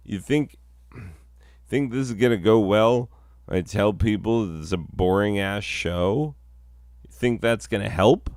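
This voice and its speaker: A man's voice: on the low side, slow pace, darkish tone, no room sound, studio quality. A man performing a solo comedy sketch, rambling and self-mocking, breaking into mock-outraged bursts.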